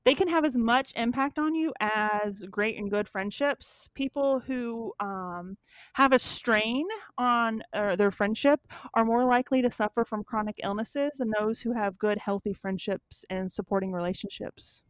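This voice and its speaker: A woman's voice: a little high, unhurried, no echo. A woman in her thirties co-hosting a casual chat with a friend, rambling and self-mocking, laughing often. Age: 30s. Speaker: podcast co-host.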